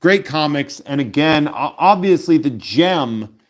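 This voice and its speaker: A man's voice: on the high side, lively intonation, measured pace. A man in his forties hosting a card collecting channel, chatting casually to viewers in a rambling way, with many ums and uhs. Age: 40s.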